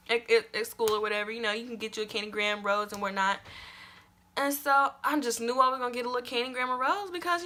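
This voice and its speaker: A young woman telling a personal story in a storytime vlog, animated and emphatic, repeating lines for effect and swearing casually. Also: high voice. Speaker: vlogger.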